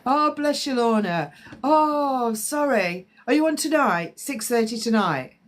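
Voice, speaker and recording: A woman with a slightly high, animated voice speaks at a measured pace, sounding a bit congested. She's a psychic medium rambling through spiritual readings on a live-stream and answering viewer comments.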